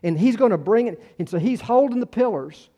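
A man's voice: high voice, lively intonation, fairly quick, warm tone, lo-fi sound. A man preaching a sermon in a conversational way, often trailing off and restarting, then rising for emphasis. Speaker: pastor.

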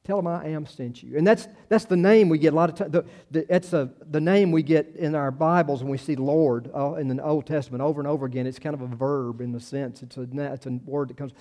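A man's voice: a little high, steady tone, fairly quick, few pauses, warm tone. A man in his sixties preaching a sermon in a folksy, conversational way, repeating words and telling personal stories. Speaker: pastor.

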